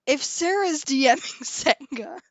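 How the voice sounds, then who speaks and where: Give me a chatty woman live-stream host, slow-paced, in a dry room. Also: high voice, animated, dry recording. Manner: chatty, giggly, reads chat aloud. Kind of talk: casual chat with viewers.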